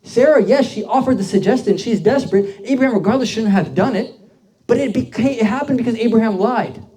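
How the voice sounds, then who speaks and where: A man's voice: very high-pitched, a little fast, warm tone. A young man, a deacon, giving a casual storytelling sermon to a youth group, talking conversationally with many fillers and questions to the audience.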